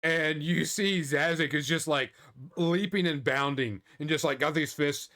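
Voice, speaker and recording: A man's voice: on the high side, a little slow, pushed and bright. A man narrating a tabletop game as game master in a loose, casual way, full of fillers and little chuckles.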